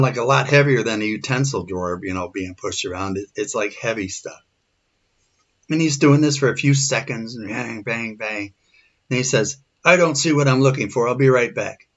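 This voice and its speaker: A man's voice: medium pitch, fairly bright tone. A man in his forties, shaken and earnest, telling a personal story. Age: 40s. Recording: dull lo-fi recording.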